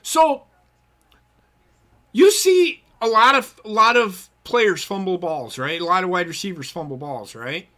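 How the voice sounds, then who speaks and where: A man's voice: sits high, animated, unhurried, bright, forceful tone. A man co-hosting a casual sports podcast, ranting bluntly and cursing heavily. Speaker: podcast co-host.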